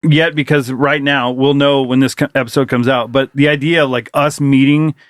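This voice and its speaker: A man co-hosting a podcast in casual chat, telling animated stories, acting out what people said and swearing freely. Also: medium pitch, moderate pace, no room sound, studio quality. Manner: animated storyteller, acts out quotes, swears freely. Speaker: podcast co-host.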